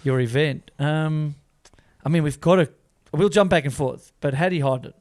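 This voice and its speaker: A man's voice: fairly high pitch, moderate pace, darkish tone. A man hosting a podcast in casual, enthusiastic chat, laughing often and restarting sentences. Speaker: podcast host.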